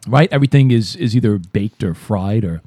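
A man's voice: lowish voice, lively intonation, fairly quick, mellow, slightly rough, no room sound, clean studio sound. A man co-hosting a podcast, joking and teasing crudely in casual chat. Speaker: podcast co-host.

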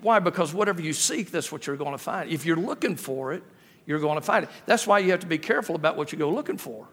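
High-voiced preacher in a reverberant church. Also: male voice, lively intonation, fast, fairly bright tone, slight background noise. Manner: humorous storytelling, repeats phrases, rhetorical questions. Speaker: guest preacher. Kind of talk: sermon. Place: church sanctuary. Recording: echoey church hall with long reverb.

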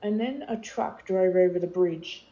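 A woman's voice: lowish voice, a little slow, mellow, lo-fi sound, slight background noise. A middle-aged woman, telling her life story candidly as an interview guest, with many fillers and restarts.

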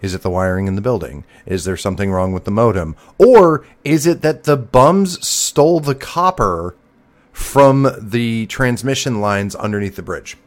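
A man's voice: lowish voice, lively intonation, moderate pace. A man with a Midwestern accent co-hosting a podcast, chatting casually with lots of laughter and sarcastic jokes. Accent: Midwestern American. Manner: laughs often, jokey and sarcastic. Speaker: podcast co-host. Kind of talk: casual chat.

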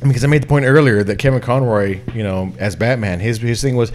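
A man's voice: medium pitch, brisk. A man hosting a podcast in casual chat. He swears constantly and talks animatedly, pushing his voice up and down to make his points. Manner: heavy swearing, animated, drops and raises his voice to demonstrate. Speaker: podcast host.

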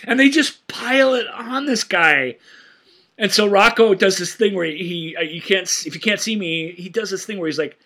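A man co-hosting a film podcast, retelling movie scenes in an animated way and laughing often. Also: high-pitched, moderate pace. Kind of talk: casual film discussion.

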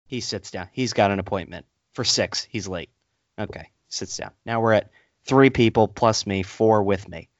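A low-pitched man tells a rambling, worked-up story on a casual podcast and jumps into high, squeaky voices to play the people he met. The sound is dry and close, but muffled and lo-fi. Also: normal speed, no echo. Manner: animated storyteller, acts out others in high voices. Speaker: podcast co-host.

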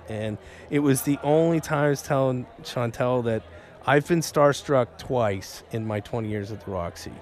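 Animated man in his forties telling stories. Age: 40s. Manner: animated storyteller, acts out quotes, trails into low mumbles. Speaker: guest storyteller. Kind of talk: casual radio chat.

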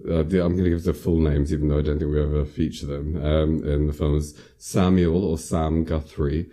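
A man's voice: very deep voice, little pitch movement, fairly quick, mellow. A man casually recapping a film's plot on a podcast, rambling with lots of ums and likes. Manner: rambling, many ums and likes, laughs at himself. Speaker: podcast host reviewing a film. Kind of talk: casual film recap chat.

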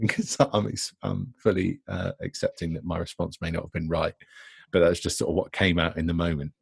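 Deep husky british guy hosting, earnest, kinda rambly, dry close sound. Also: no room sound. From Britain. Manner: earnest, laughs nervously, rambling. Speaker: discussion host. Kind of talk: casual discussion.

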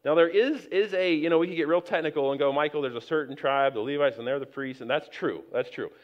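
A man's voice: on the high side, fast talker. A middle-aged man preaching a sermon as the pastor, telling stories in a conversational way that builds to emphatic points. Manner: conversational, anecdotal preaching with many restarts and rising emphasis. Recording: slightly dull, lo-fi sound.

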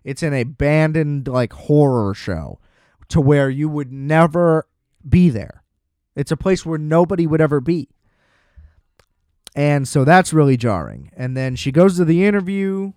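A man's voice: on the high side, lively intonation, measured pace, darkish tone, smooth, dry recording, clean studio sound. A man casually recapping a film plot in a loose, chatty way, full of "like" fillers and blunt swearing. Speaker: film reviewer.

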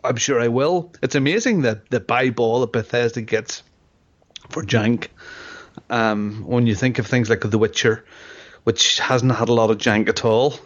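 A man's voice: medium pitch, unhurried. A man in a casual gaming chat, wry and opinionated, asking his co-host questions. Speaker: podcast co-host. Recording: dull lo-fi audio.

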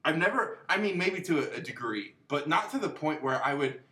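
Lively, bright-voiced man chatting. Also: a little high, fairly quick. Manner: animated storytelling, acts out quoted voices, laughs often. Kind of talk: casual chat. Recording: echoey room.

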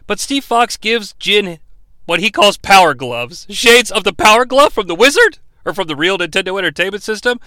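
Casting: a wry, bright-voiced man, animated pitch, dry close sound, rambling and sarcastic. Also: moderate pace, dry recording. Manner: sarcastic, profane, rambling asides. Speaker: movie review host. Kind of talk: comedic movie recap.

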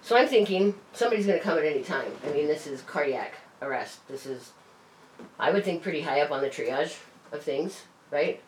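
A woman's voice: low voice, animated, fairly quick, slight background noise. A woman telling a story in casual chat, bluntly and with plenty of swearing. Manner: blunt, swears freely, leans on "like". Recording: echoey room with faint ambience.

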